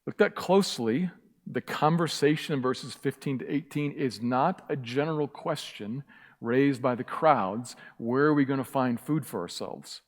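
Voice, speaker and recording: A man's voice: mid-range voice, measured pace. A man preaching a sermon as pastor, emphatic and impassioned, repeating key phrases. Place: church sanctuary. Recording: church hall reverb.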